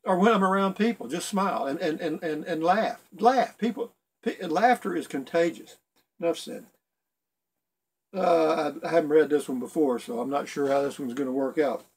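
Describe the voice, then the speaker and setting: A man's voice: a little high, normal speed, husky. A middle-aged man casually reading jokes aloud for his video blog, rambling a bit and chuckling at his own punchlines. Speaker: video blogger telling jokes.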